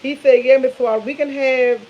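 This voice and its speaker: A woman's voice: sits high, normal speed. Chatty fifty-something woman, lo-fi kitchen audio. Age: 50s. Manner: chatty, animated storytelling with laughs, addresses viewers as y'all. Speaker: vlogger. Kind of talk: casual chat. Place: home kitchen while cooking.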